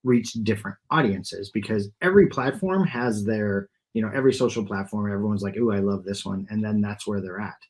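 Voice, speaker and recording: A man's voice: lowish voice, brisk, few pauses, darkish tone. A man guesting on an interview, laid-back and joking as he talks. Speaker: podcast co-host guest. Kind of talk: casual interview chat.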